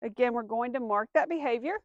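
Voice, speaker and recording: A woman's voice: a little high, brisk, dry recording, muffled recording. A woman dog trainer explaining commands step by step, giving firm cues to a dog. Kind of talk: instructional demonstration.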